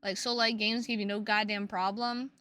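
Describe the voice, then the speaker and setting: A woman's voice: medium pitch, little pitch movement, normal speed, bright, forceful tone, no echo. A woman streaming and chatting casually with her viewers, playful and teasing, with plenty of swearing.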